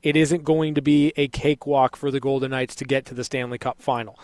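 A man hosting a call-in sports radio postgame show, upbeat and quick to greet callers. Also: on the high side, darkish tone, no room sound, clean studio sound. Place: radio studio. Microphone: broadcast mic.

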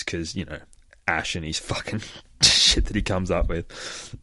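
A man retelling a comic book in a casual, profane, excitable way, laughing often. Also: sits low, measured pace, no room sound.

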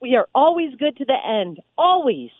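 A woman, a radio DJ, calling in to a sports radio show and telling stories with emphatic, animated delivery. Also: high voice, moderate pace, no echo. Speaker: radio DJ guest. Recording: tinny phone line.

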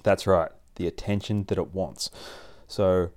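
A man with a somewhat low voice hosts a relaxed advice podcast about training dogs. He explains each point in plain, chatty language, often circling back and restarting a sentence. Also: a little slow. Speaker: dog trainer podcast host.

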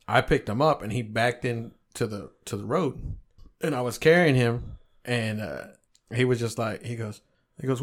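Profane storytelling man, casual podcast. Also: mid-range voice. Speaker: podcast co-host. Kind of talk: casual chat.

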